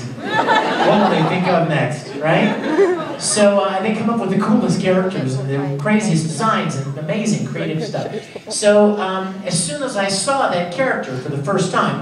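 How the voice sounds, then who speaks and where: A man speaking as a voice actor guest at a convention panel, telling jokey stories and acting out the lines he quotes. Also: on the high side. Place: large convention hall, voice from far off. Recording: echoey hall, far from mic, loud crowd and noise.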